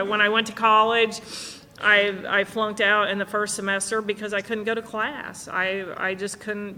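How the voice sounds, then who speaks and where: A woman's voice: medium pitch, sharp tone, a little hiss or hum. A middle-aged woman telling her story to a recovery meeting, candid and self-mocking. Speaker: speaker sharing at a recovery meeting. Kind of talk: personal story talk. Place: conference hall. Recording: live hall recording with long reverb.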